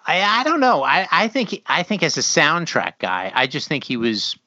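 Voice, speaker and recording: A podcast co-host with a slightly high, sing-song male voice talks at normal speed, his tone pushed and bright. Swearing freely, he rambles through his thoughts in a casual chat, often trailing off and restarting. The lo-fi recording sounds slightly dull and has no echo.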